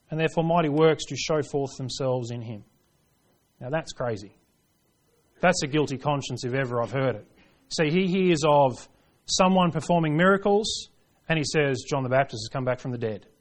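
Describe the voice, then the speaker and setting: A male preacher with a somewhat high voice delivers an emphatic sermon. He reads scripture in old-fashioned wording and swings between hushed, low lines and forceful, rising ones. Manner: reads scripture aloud in King James wording.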